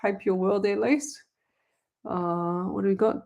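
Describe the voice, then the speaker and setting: A woman's voice: medium pitch, moderate pace, gravelly. A woman, a psychic medium hosting a live show and answering viewer questions in a chatty, rambling way. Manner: chatty and rambling, with frequent restarts and asides. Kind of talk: casual live-stream chat.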